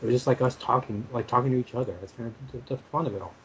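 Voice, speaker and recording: A quick-talking man chats loosely on a homemade podcast, piling up fillers and restarts. His voice comes through a dull, lo-fi home mic over an online call. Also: mid-range voice. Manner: rambling, filler-heavy, laughs often. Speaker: podcast co-host. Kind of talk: casual chat. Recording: dull lo-fi sound, faint noise.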